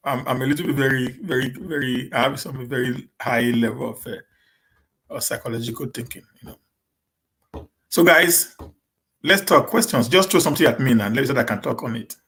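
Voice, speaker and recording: A Nigerian host from Edo State, voice medium-pitched and fairly bright, answers viewers in a casual live-stream Q&A using Pidgin English. He stammers, repeating and restarting words, and keeps his pace quick deliberately to avoid getting stuck.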